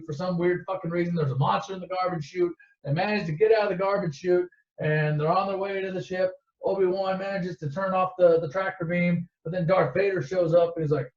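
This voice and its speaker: Brief: high-pitched man, profane rambling movie recap, echoey dull lo-fi room. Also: darkish tone. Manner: rambling, swearing, jumps to high squeaky voices for characters. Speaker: comedic movie retelling host. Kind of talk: casual profane storytelling.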